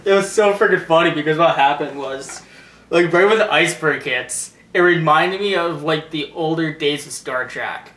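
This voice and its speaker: A young man giving a casual movie review, animated and laughing often, swearing freely. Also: on the high side, normal speed, echoey room, slight background noise.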